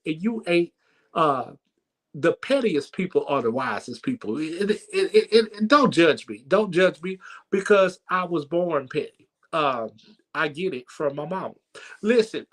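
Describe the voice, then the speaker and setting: A man with a fairly high voice hosts a comedic church livestream, speaking into his stream microphone. He tells his stories with lively energy and often trips over his words and starts over. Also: poor audio. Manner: lively storytelling with stammered restarts.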